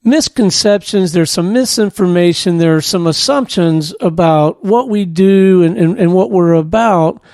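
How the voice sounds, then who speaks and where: A man's voice: high-pitched, measured pace, few pauses, darkish tone, no room sound, studio quality. A man hosting a business radio interview, asking friendly, encouraging questions. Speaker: radio show host.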